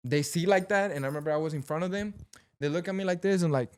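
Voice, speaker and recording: A young Mexican-American man from Los Angeles tells stories on a podcast, with a slightly high voice and a close, dry mic sound. He moves between Spanish and English and says "bro" every few words. He acts out the people he quotes as the stories run on. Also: quick pace, clear, resonant tone, dry recording. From Pacoima, California, with a Sinaloan mother. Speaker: podcast guest, actor. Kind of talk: casual storytelling chat.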